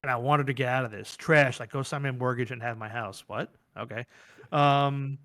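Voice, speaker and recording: A man's voice: medium pitch, moderate pace. A man co-hosting a livestreamed wrestling talk show, chatting casually and animatedly, acting out quotes as he goes. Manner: animated, rambling, acts out quotes. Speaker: podcast co-host.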